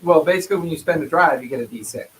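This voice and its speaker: A game master with a fairly high voice runs a tabletop game, explaining dice rules patiently at a rapid-fire clip and laughing easily in casual table talk. It's a rough recording from a streaming setup mic, with a little hiss or hum.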